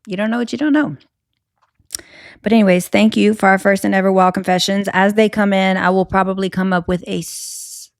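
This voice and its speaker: Cajun woman host, young, candid rambling chat, lowish voice, dead-dry booth sound. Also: dry recording. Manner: candid and chatty, frequent fillers and restarts. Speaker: podcast host. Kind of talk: solo podcast chat.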